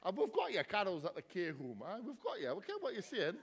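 High, lively vicar in echoey church. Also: male voice, fast. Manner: jokey, teasing, bouncy questions to the crowd. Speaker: vicar leading a church gathering. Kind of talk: playful banter with the congregation. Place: church hall. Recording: echoey hall reverb.

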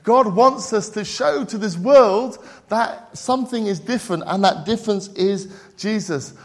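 A man's voice: high voice, measured pace. A man, a pastor preaching a sermon and putting rhetorical questions to his congregation.

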